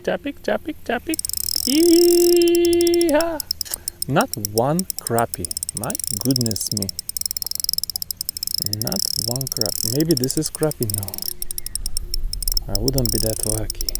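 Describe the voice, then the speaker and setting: A man with a gravelly, mellow voice rambles through a fishing vlog outdoors, chatting to his viewers and to the animals around him. He talks slowly, and a faint outdoor ambience sits behind him. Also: mid-range voice, a little hiss or hum. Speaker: fishing vlogger. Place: outdoors on the water.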